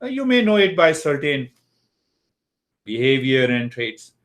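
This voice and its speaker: Slow, deliberate older male yoga teacher. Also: medium pitch, very animated. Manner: slow and deliberate, asks and answers his own questions. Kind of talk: spoken lesson on yoga philosophy.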